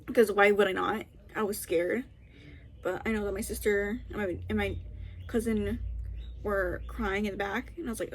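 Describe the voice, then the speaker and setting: A woman's voice: mid-range voice, fairly even intonation, normal speed. A young woman vlogger telling a story in a casual, rambling way, full of restarts and fillers.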